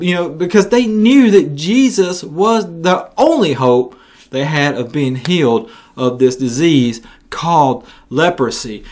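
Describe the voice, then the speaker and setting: Animated man preaching a sermon. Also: a little high, measured pace. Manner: animated storytelling with frequent restarts.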